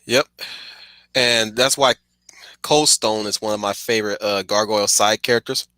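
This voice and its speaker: Male streamer, excitable and digressive, bright tone, dry close sound. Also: on the low side, normal speed, no echo. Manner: excitable, digressive, laughs often. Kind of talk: casual rambling commentary.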